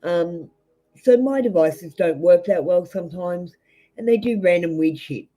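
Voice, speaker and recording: Blunt Australian woman with a mellow voice. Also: on the low side, lively intonation, a little slow, rough recording. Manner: blunt, rambling, many fillers and restarts. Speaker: tarot reader. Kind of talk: live-streamed tarot reading, casual talk to viewers.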